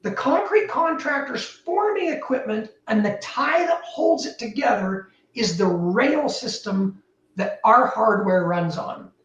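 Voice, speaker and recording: A high-voiced woman speaks as an interview guest, animated and emphatic, her pitch leaping up and down as she makes her points. Her voice sounds roomy and set back from the mic. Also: a little slow, recorded from a distance, muffled recording. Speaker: guest, building technology entrepreneur. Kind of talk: casual interview talk.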